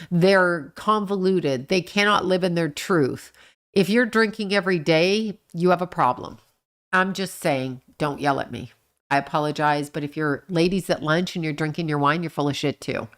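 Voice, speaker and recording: A middle-aged woman hosting a casual livestream, answering chat comments and ranting bluntly with plenty of swearing. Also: lowish voice. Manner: blunt and profane, rants and swears at the people she discusses; talks back to chat comments. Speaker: livestream host reading chat.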